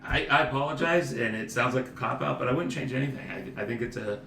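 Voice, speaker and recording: A man's voice: mid-range voice, fast, vocal fry, pushed and bright. A man speaking as a guest in a casual chat about a movie, hesitant and apologetic at times. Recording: echoey room, far from the mic, light noise.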